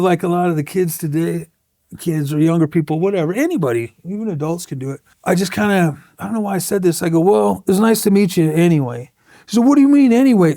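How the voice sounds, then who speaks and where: High gravelly profane tattoo storyteller man. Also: darkish tone, no echo, studio quality. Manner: profane, blunt storytelling with acted-out quotes. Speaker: tattoo artist guest. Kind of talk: casual storytelling interview.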